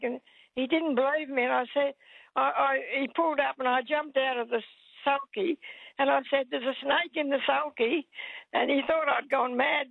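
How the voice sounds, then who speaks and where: A woman's voice: high voice, creaky, no room sound. Older woman on a tinny phone line. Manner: storytelling, halting restarts. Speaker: caller.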